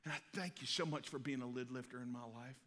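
A man preaching a sermon as a pastor, animated storytelling in which he acts out the other voices. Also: mid-range voice, quick pace. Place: church auditorium. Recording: long reverb of a large hall.

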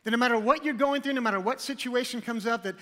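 A man's voice: extremely high pitch, fast talker, pushed and bright, long reverb tail. A man in his thirties from the Dallas area, a guest preacher giving a chatty, joking sermon in a church with many fillers and restarts. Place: church auditorium.

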